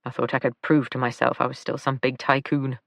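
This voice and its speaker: A woman voicing a tired, gentle injured man. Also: a bass voice, level tone, brisk, creaky, no room sound, pitched below the performer's own voice, heavily acted. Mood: weary.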